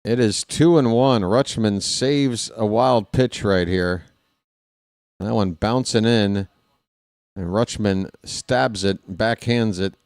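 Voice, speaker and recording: A man's voice: lowish voice, takes it slowly, no room sound, studio quality. A man calling a baseball game play-by-play as a partisan fan, with a voice that is starting to tire. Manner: partisan, excitable on big plays, chats with viewers. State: voice getting tired.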